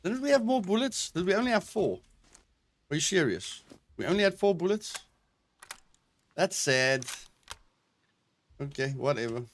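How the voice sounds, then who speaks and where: A man streams a video game and chats with his viewers. He breaks into excited shouts and exclamations, and his pitch swings widely. His voice sits a little high for a man. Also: measured pace, long pauses, a little hiss or hum. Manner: excitable, talks to chat, bursts of exclamations. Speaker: gaming streamer. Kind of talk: live gameplay commentary.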